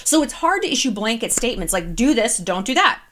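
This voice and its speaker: A woman's voice: on the high side, sing-song, fairly quick, fairly bright tone. A woman in her thirties giving casual advice straight to camera, candid and chatty, swearing freely. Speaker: vlogger.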